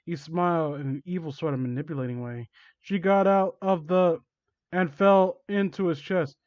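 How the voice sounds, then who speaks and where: A man reads fan fiction aloud for comedy, stumbling on words and stopping to make amused asides. His voice sits a little high. The sound is dry and slightly muffled. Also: steady tone, brisk, darkish tone, dry recording. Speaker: host reading fan fiction. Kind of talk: comedic dramatic reading.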